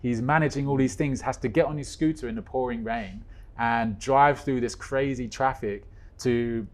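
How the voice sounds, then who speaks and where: A man guest in a relaxed interview, telling an anecdote with lively energy. His voice sits in a middle register and rises and falls often as he gets into the story. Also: moderate pace. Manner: animated storyteller with swings in pitch and loudness. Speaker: guest, co-creator of a stage musical. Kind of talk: casual chat.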